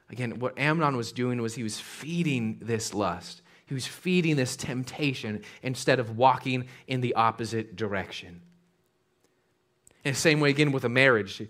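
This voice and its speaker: A man's voice: medium pitch, fairly bright tone. A man preaching a sermon as a pastor, conversational and casual with slang.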